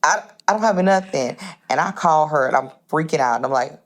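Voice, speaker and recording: Low-voiced woman telling a lively story. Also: fairly quick. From Port Arthur, Texas. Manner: animated, acts out dialogue with big pitch jumps. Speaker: guest, home-based caterer. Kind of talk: casual storytelling chat.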